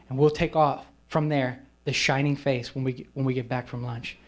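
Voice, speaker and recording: A man preaching as a guest speaker at a retreat, telling a personal testimony and slowing down for soft, emphatic phrases. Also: mid-range voice, steady tone. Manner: acts out quoted people in whispers and raised voices. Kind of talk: sermon storytelling at a retreat.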